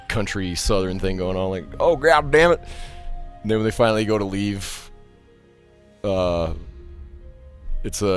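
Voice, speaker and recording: A man live-streaming a video game, thanking subscribers, joking, and bursting out loudly at the action. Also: sits low. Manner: loud sudden outbursts while playing.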